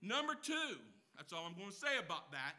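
A man preaching a sermon as pastor. He counts off numbered points, asks the congregation questions and drops from loud emphasis to hushed asides. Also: sits high, sing-song, a little fast.

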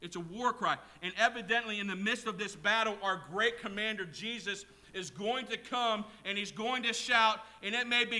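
A male preacher delivers a sermon to a congregation. His voice sits high and rings very bright. He drops to near-murmured asides, then erupts into loud shouted lines. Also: moderate pace, few pauses. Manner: swings from quiet asides to loud shouted quotes. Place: church with congregation.

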